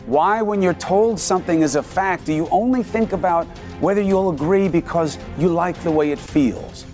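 Middle-aged male anchor, emphatic opinion-segment delivery, a touch high-pitched. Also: moderate pace, a little mellow, soft background music. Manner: emphatic, punchy, rhetorical questions. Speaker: news anchor.

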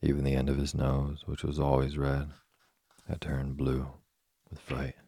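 A man reading a classic children's story aloud as a slow, soft, monotone sleep story. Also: rumbling low, vocal fry, slightly rough. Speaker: narrator. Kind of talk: scripted sleep story narration.

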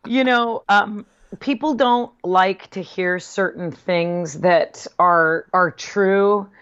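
A woman in casual conversation, speaking in a measured, thoughtful way with hesitant fillers. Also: medium pitch, fairly bright tone, clear, resonant tone, dull audio. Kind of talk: casual chat.

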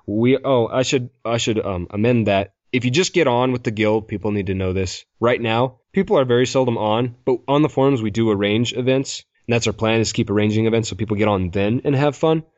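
A man's voice: mid-range voice, fairly quick, few pauses, darkish tone, dry recording. A man hosting a casual podcast, rambling and laughing as he reads listener mail. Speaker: podcast host. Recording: dull lo-fi podcast mic.

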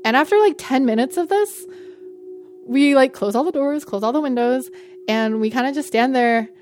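Animated woman telling a true story. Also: high voice, normal speed, a little hiss or hum. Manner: animated, frequent "like", acts out quoted dialogue. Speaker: guest storyteller. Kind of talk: personal storytelling. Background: faint music score.

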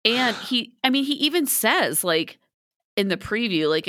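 Lively, bright-voiced woman podcaster. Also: fairly high pitch, measured pace, dry recording, studio quality. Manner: chatty, giggly, filler-heavy. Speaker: podcast co-host. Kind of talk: casual recap chat.

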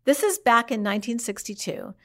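A woman, a guest on the show, tells her mother's story in an animated way and acts out the people she quotes. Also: fairly high pitch, brisk, vocal fry. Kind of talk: lively storytelling in an interview.

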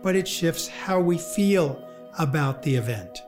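A grief lecturer giving a talk, speaking conversationally and acting out inner voices in quick asides. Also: mid-range voice, expressive, music in the background. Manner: conversational, with fillers. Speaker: grief lecturer and workshop leader. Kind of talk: talk on grief and positive thinking.

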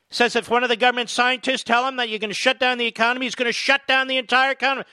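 A man's voice: extremely high pitch, steady tone, fast, sharp tone, clear, resonant tone, dry recording. A man hosting a political talk radio show, emphatic and indignant, hammering points home by repeating them.

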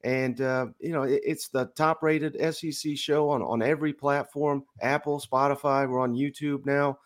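A man's voice: medium pitch, little pitch movement, moderate pace. Upbeat man plugging his podcast. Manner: upbeat, self-promoting, laughs often. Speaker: podcast guest. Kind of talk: casual interview.

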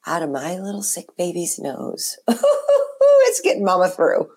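A woman in her thirties, hoarse and raspy from being sick, co-hosting a casual chat podcast with animated swings in her voice. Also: normal speed. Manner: animated, swings up high when fired up. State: hoarse from a cold. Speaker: podcast co-host.

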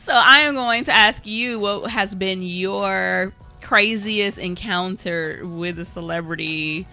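A woman hosting a casual chat segment, reacting with quick comments and laughter. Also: medium pitch, soft background music. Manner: laughs often, reacts loudly. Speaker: host interviewer.

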